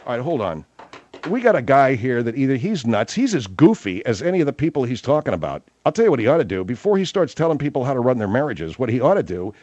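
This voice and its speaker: A man hosting a talk radio show, mocking and wry, with drawn-out asides. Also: medium pitch, big pitch swings, a little mellow, no echo, highs cut off.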